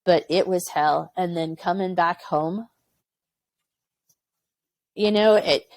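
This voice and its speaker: A woman's voice: fairly low pitch, takes it slowly, dry recording. A woman in her forties, an Army medic veteran, frankly telling war stories in an interview and acting out the people she quotes. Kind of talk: candid interview storytelling.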